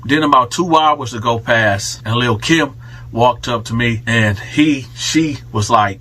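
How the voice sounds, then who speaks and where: A man telling a story in a casual storytime style, animated and slangy. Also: medium pitch, measured pace.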